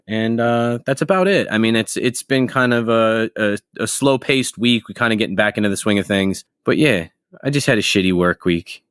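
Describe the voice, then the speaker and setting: A man co-hosting a podcast in casual chat, relaxed and rambling, with a close mic. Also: fairly low pitch, clear, resonant tone, dry recording. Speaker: podcast co-host.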